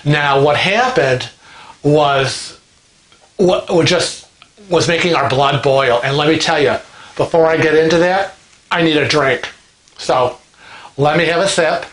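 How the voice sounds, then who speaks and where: A man hosting a vlog, telling a story to camera in an animated, gossipy, conversational way. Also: fairly high pitch, a little slow, long pauses. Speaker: vlog host. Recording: echoey room.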